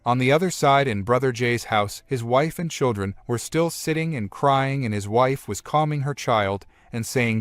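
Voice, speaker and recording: A man's voice: mid-range voice, moderate pace, few pauses, no room sound. Man narrating a comic recap, dry sound. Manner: plain retelling strung together with "and then".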